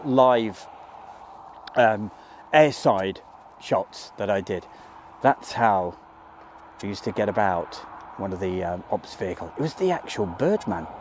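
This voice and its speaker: A man's voice: mid-range voice, a little hiss or hum. Chatty man hosting a live stream. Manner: chatty, reads out viewer names and greets them warmly. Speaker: livestream host. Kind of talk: casual live-stream commentary. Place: outdoors by an airport.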